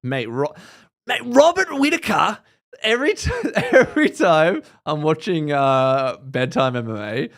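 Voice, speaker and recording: Animated man chatting on a livestream. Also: a little high, a little slow, gravelly. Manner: animated, laughs often, trails off and restarts. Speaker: podcast host. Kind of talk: casual live-stream chat.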